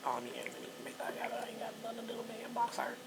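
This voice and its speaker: A middle-aged woman chatting in a hair salon, telling animated stories, cussing freely and shouting out quotes. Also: on the high side, fast talker, vocal fry. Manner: animated storyteller, cusses freely, loud excited quotes. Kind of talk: casual chat. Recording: noisy background.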